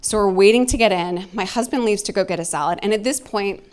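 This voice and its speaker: A woman's voice: medium pitch, fast talker, a little mellow, clean tone. A woman in her forties telling a personal story in stand-up, candid and self-mocking, laughing at herself. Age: 40s. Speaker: stand-up comedian. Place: comedy club stage.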